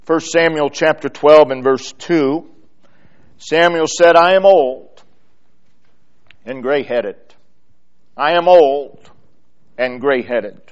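A man delivering a sermon at a very slow, measured pace, leaning on pauses and repeating key words for emphasis. His voice sits a little high for a man. The recording is dull and lo-fi. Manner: slow, deliberate delivery with emphatic pauses, reading scripture aloud. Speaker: preacher.

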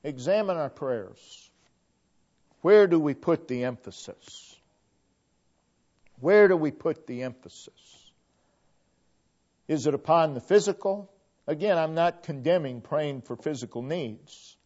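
A middle-aged pastor preaching a sermon in an earnest way, repeating key phrases, swelling to emphatic peaks and then dropping low. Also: male voice, animated, slow pace, long pauses, darkish tone. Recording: dull lo-fi church recording.

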